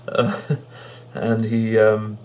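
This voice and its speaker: A man giving a casual spoken review of a favorite comedy film, halting and full of fillers and restarts, amused and chuckling as he recounts the jokes. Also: lowish voice, monotone, a little mellow, a little hiss or hum. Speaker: movie reviewer.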